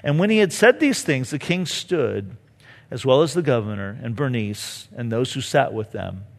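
A man's voice: medium pitch, very animated, normal speed, vocal fry, in a large hall. A man preaching a sermon, who keeps acting out the voices of the people he quotes. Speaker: pastor.

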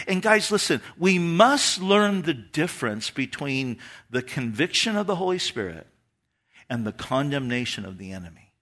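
A male pastor delivers a sermon that rises and falls a great deal. His voice sits high and sounds bright and forceful. He talks conversationally and keeps turning to the congregation with asides. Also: very animated, normal speed. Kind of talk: expository sermon.

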